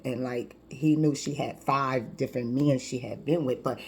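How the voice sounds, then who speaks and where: A woman in her fifties, a life coach, telling her personal testimony in a lively, conversational way with frequent restarts. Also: rumbling low, moderate pace, gravelly, hardly any pauses, husky.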